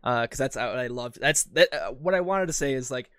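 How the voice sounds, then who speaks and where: A man's voice: mid-range voice, brisk, fairly bright tone, dry recording, clean studio sound. A young man in casual podcast chat, enthusiastic and sometimes losing his train of thought. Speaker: podcast co-host.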